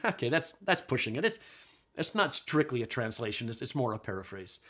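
A man with a mid-range voice delivers a relaxed classroom lecture. He thinks out loud, restarts phrases often, and leans hard on quoted lines, drawing them out for emphasis. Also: mid-range voice. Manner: conversational, thinks aloud with many restarts and fillers; slows and stresses quoted verses. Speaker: lecturer on Bible translation.

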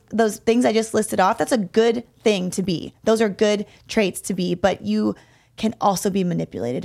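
A young woman chatting as a podcast co-host, candid and blunt as she recounts her own experiences. Her voice sits at an ordinary middle pitch, and she swears without holding back. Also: creaky. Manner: candid, storytelling, swears freely. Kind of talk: casual chat.

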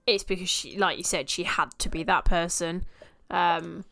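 A young woman co-hosting a casual podcast, her voice sitting a little low. She talks animatedly, slipping into acted-out moments as she retells scenes. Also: moderate pace, vocal fry, pushed and bright. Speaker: podcast co-host. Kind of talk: casual chat.

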